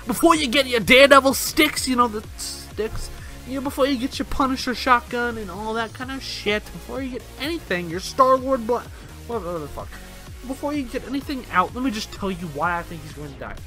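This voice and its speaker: A young man hosting a casual opinion vlog, ranting and swearing with animated energy. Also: extremely high pitch, brisk, faint music behind. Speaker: host.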